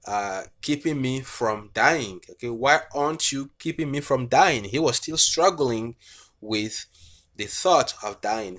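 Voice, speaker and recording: A man's voice: medium pitch, a little slow, a bit bright. A male preacher giving a bible teaching, reading verses aloud and explaining them with frequent fillers. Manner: reads scripture aloud, frequent fillers and "okay".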